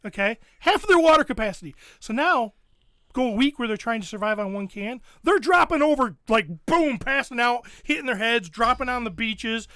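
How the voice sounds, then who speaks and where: A man's voice: very high voice, lively intonation, normal speed, sharp tone, no room sound, clean studio sound. A man hosting a podcast, animatedly retelling a show in casual, profane chat. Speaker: podcast host.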